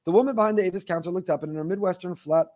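A man teaching a Torah class, reading listener emails aloud in an animated storytelling way with wry asides. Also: sits high, very fast.

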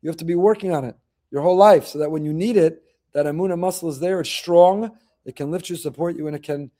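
A middle-aged man, a rabbi, telling faith stories in a quick, animated flow. His voice sits high and sounds mellow rather than bright. He repeats key phrases to drive them home. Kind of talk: weekly faith talk.

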